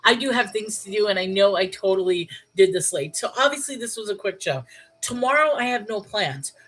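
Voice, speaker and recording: A congested, stuffy-nosed woman hosts a Bible reading show, reading scripture and then musing on it in an earnest, questioning way. Her medium-pitched voice is animated, a little fast, fairly bright and husky. Soft music plays behind the low-quality recording.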